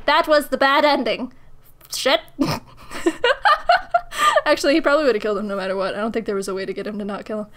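A woman's voice: mid-range voice, steady tone, fast, pauses often, fairly bright tone. A woman casually commenting while playing a point-and-click game, giggling and swearing freely. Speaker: gamer. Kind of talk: let's play commentary.

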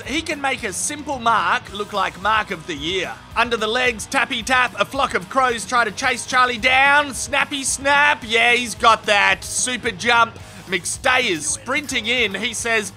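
High, bright Australian man joking along. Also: soft background music. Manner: cheeky, crude, rapid-fire jokes. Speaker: comedic sports commentator. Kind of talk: comedic voice-over commentary.

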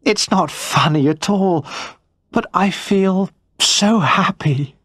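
Brief: a man putting on a young wife's voice, pitched well up, gentle and pleading, storybook reading. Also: slow, husky, no echo, clean studio sound, full character voice. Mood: earnest. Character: loving young wife, worried then relieved.

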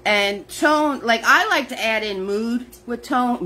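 A slow-talking woman with a bright, forceful voice hosts a live painting class. She chats easily, laughs often and greets her viewers by name. A faint hum of room ambience sits behind her. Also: a little high, rough recording. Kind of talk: live-streamed painting lesson.

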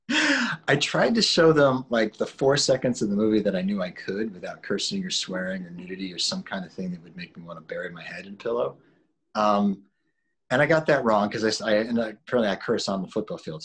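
Male actor, 40s, husky low voice, relaxed rambling interview talk. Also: fairly quick. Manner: relaxed, rambling with restarts and laughs. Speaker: actor guest. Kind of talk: casual interview chat.

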